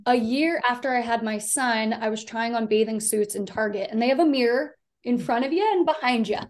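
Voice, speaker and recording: A woman's voice: a little high, brisk. A woman from the US East Coast, a podcast guest, telling her personal story in a chatty, rambling way full of fillers. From Delaware, US East Coast.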